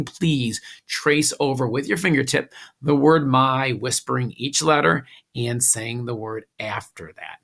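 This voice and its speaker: Man, teacher, recorded lesson, patient step-by-step instructions, gravelly voice, bright tone. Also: medium pitch. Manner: slow, patient instructions with filler "uh"s.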